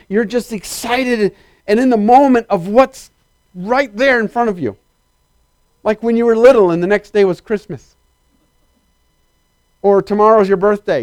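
A male preacher delivering a sermon, animated and emphatic, questioning his congregation directly and swinging between loud excitement and quiet earnestness. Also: high voice, no room sound.

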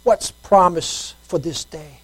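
A woman preaching a sermon, telling a story, repeating phrases and swinging between loud emphasis and quiet talk. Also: fairly low pitch, takes it slowly, dry recording, low-quality recording.

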